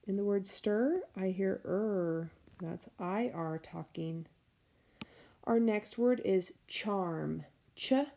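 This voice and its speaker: Slow, gravelly-voiced woman teaching phonics. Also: mid-range voice, mellow. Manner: slow, sounding out letters and sounds. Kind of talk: recorded phonics lesson for children. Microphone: tablet microphone.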